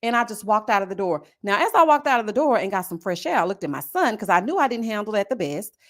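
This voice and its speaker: Animated woman in her forties telling a story. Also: medium pitch, fast. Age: 40s. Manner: animated, addresses viewers directly. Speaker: vlogger. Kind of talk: casual storytelling.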